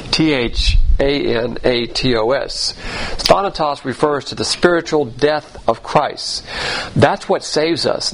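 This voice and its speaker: A man preaching an expository Bible lesson, spelling out Greek words letter by letter in a measured teaching delivery. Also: medium pitch, gravelly, a little hiss or hum, poor audio. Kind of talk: expository sermon.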